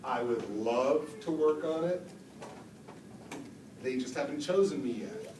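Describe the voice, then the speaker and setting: A man, a voice actor, telling lively stories at a convention Q&A and acting out the quotes. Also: on the high side, slow. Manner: animated storyteller, acts out quotes. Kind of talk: storytelling convention panel answer. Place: convention hall from afar. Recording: echoey hall, distant mic, background noise.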